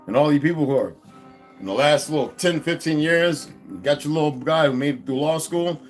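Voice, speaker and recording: Faint music plays behind a man delivering a brisk, cursing, confrontational rant as an online commentator. He swings from loud blowups down to low muttering.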